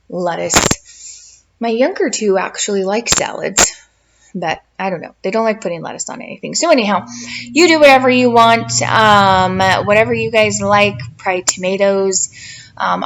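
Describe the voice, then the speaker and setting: A tired mom in her thirties talks through her dinner in a loose, chatty voice-over, full of fillers and little jokes at her own expense. Her voice has a gravelly fry, and a faint hiss sits under it. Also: medium pitch, normal speed. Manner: chatty, self-deprecating, rambling with fillers. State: tired, yawning. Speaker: cooking vlogger, mother. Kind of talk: casual cooking voice-over. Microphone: home voice-over mic.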